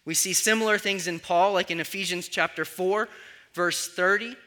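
A man preaching a sermon as a pastor, teaching in a conversational way and often checking in with his listeners with a quick "right?". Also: high voice, fairly even intonation, sharp tone.

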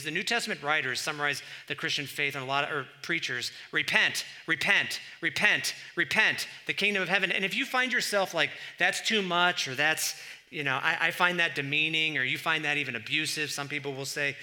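A man preaching a sermon, animated, pushing louder for emphasis and breaking into conversational asides. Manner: animated, rises in pitch and volume for emphasis.

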